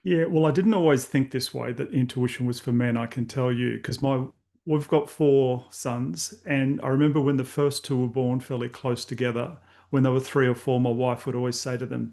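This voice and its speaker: Older Australian man, gravelly mid-range voice, candid and rambling storyteller with loose filler words. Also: medium pitch, fairly even intonation, normal speed, warm tone. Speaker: podcast host guest. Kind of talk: casual storytelling interview.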